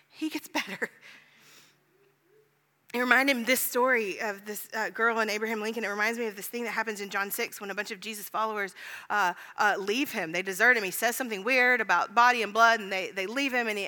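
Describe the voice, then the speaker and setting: A woman pastor telling a story in a sermon, earnest, dropping to a hush at tender moments. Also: mid-range voice. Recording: long hall reverb.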